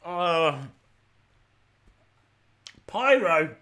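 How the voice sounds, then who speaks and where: A teary man with a runny nose hosts a live reaction stream, breaking into dramatic, exasperated outbursts. His voice sits high and sounds bright and sharp, and he takes his time between remarks. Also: unhurried.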